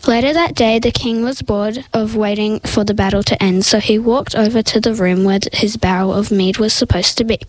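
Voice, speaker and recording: A woman reading a story aloud, careful and steady, now and then tripping over a word and correcting herself. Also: mid-range voice, fairly quick, hardly any pauses, no room sound, rough recording. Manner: reads carefully, with small stumbles and self-corrections. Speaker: story reader.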